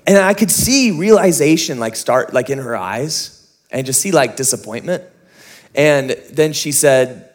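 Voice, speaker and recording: A young adult man preaching a sermon in a conversational, self-mocking storytelling way, with quick asides. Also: medium pitch, lively intonation. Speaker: pastor.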